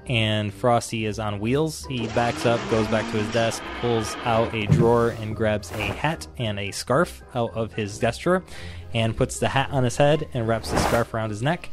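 A man narrating as game master of a tabletop game, relaxed and laughing often. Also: mid-range voice, moderate pace, few pauses, over music.

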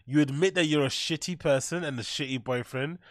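A man's voice: on the high side, a little fast, no echo, studio quality. A man reacting to a clip, bluntly mocking what he hears and swearing often. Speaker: reaction streamer. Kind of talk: reacting to a clip, casual commentary.

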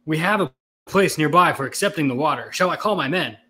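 A man's voice: on the high side, lively intonation, fairly quick, pushed and bright, breathy edge, exaggerated voice. A man voicing a terse, formal male desert warrior while reading a novel aloud. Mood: solemn. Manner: stiff, formal read-aloud speech.

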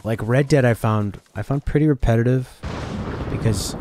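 A man with a lowish, dark-toned voice streams a video game, chatting casually about games and reading his chat aloud while playing. His desk mic runs through an audio interface, leaving a little hiss or hum.

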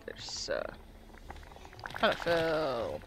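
A woman's voice: sits low, very animated, very slow, slight background noise. A woman streaming a video game, chatting casually and muttering to herself as she plays. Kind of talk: casual gaming stream commentary.

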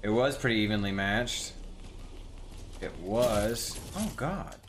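A man's voice: lowish voice, slow pace, slight background noise. A man commentating his own gameplay casually, mocking himself and yelping when things go wrong. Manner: self-mocking, excitable yelps. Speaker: gaming streamer.

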